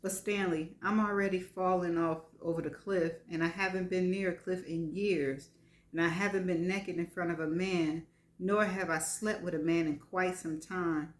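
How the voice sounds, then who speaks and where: A woman's voice: on the low side, steady tone, normal speed. A woman giving a live reading of frank first-person fiction, wry and laughing between lines. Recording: echoey room.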